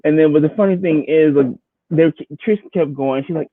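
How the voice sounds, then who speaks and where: A man's voice: a little high, fairly quick, dry recording. Chatty man on a tinny line. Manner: stammering restarts, chatty, quotes himself. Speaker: podcast co-host. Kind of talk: casual reality-TV commentary. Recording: dry, phone-like narrow sound.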